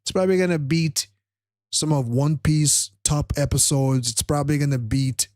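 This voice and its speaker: A man's voice: a little high, steady tone, moderate pace, a little mellow, dry recording, studio quality. A tired man hosting a live stream, rambling casually with many fillers and restarts. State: tired, struggling to stay awake.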